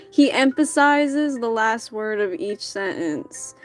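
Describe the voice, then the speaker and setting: A woman's voice: a little high, expressive, slow, faint music behind. A woman streamer reading a dating game's narration aloud, with casual asides.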